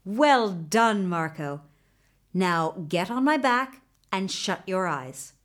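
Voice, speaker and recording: A woman voicing a calm, commanding magical male horse in a storybook reading, giving steady instructions. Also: medium pitch, takes it slowly. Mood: calm guiding.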